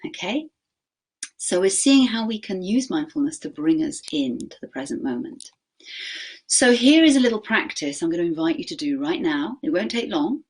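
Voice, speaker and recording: A woman teaching mindfulness to teachers. She asks the group questions, checks in with "okay?", and slows to a gentle pace when she guides a practice. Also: lowish voice, sing-song, slightly rough.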